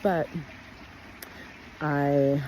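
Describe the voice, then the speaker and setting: A woman's voice: extremely slow, slight background noise. A woman telling her own life story to camera in a candid, blunt way, swearing freely and filling her talk with "like.". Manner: blunt and profane, with frequent "like" fillers; animated, jumps in pitch when acting out her own past words. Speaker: wellness practitioner sharing her life story.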